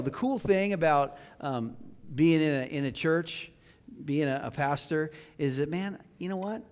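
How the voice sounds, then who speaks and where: Chatty male pastor, light and joking, slightly high voice, preaching in a reverberant church. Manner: chatty and joking, many fillers and restarts. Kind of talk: casual conversational sermon. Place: church sanctuary.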